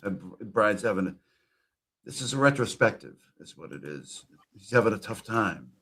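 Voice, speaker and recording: Sarcastic man with a bright, low voice. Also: big pitch swings, normal speed. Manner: sarcastic, mock-pleading, profane. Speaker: reaction commentator. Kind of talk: comedic reaction commentary.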